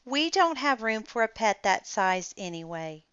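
A woman's voice: on the high side, sing-song, unhurried, a bit bright, clean tone, no room sound, lo-fi sound, voice pushed up. A woman voicing a young boy from a children's storybook, sounding earnest and a little wistful.

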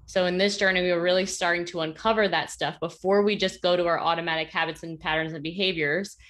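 A woman hosting a podcast, calmly explaining ideas to listeners. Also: on the low side, fast talker. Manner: calm explaining, affirming with soft mm's. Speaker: podcast host, coach. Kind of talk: casual interview chat, explaining.

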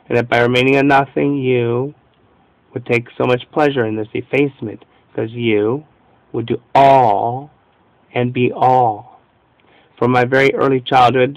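A man's voice: mid-range voice, no room sound, close to an everyday voice, low-quality recording. A man reading the prayer of a humble, devout woman mystic in an earnest, fervent devotional reading.

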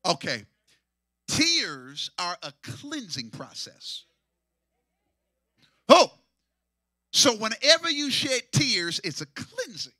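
A man a sermon as pastor, shouting and half-singing in rising waves and repeating phrases to draw responses. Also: very high-pitched, dry recording, clean studio sound. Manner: shouting, sing-song preaching with repetitions.

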